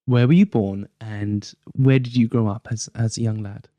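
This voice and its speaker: A man's voice: lowish voice, steady tone, normal speed, dark tone, no echo, highs cut off. A man hosting a podcast, chatty and enthusiastic, stumbling over the openings of his questions. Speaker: podcast host. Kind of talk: casual interview chat.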